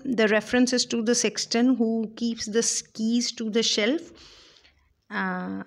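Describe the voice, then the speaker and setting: A woman giving a poetry lecture, talking deliberately with frequent fillers and restarts. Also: on the high side, steady tone, gravelly. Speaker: English literature lecturer.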